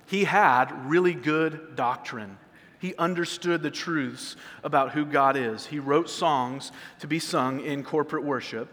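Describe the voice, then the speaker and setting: Bright-voiced man preaching a sermon. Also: fairly high pitch, unhurried, big-room sound. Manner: conversational, repeats words while restarting. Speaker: pastor. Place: church sanctuary.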